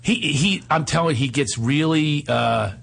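A man hosting a casual chat, telling animated stories and laughing often. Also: a little high, normal speed, gravelly. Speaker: host.

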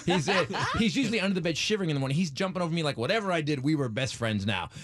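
A man's voice: fairly high pitch, expressive, racing, fairly bright tone, no room sound. A man in his forties telling a comic story, with stammering restarts and acted-out voices. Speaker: comedian telling a story on a podcast.

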